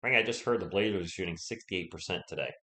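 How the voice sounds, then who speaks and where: Speaking fast in a deep voice, this young live stream host does casual play-by-play and chats with viewers in a reverberant space. He sounds sick with a sore throat and holds back from shouting while responding to his chat.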